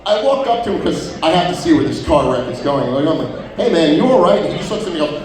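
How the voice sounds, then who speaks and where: A man performs a stand-up set, spinning profane anecdotes and jumping into voices for the people in them. His pitch sits a little high and moves around a lot. The sound is distant and washed in the reverb of a live venue. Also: expressive, quick pace, crowd noise. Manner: profane storytelling with many acted-out quotes. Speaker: stand-up comedian. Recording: roomy venue sound from far off.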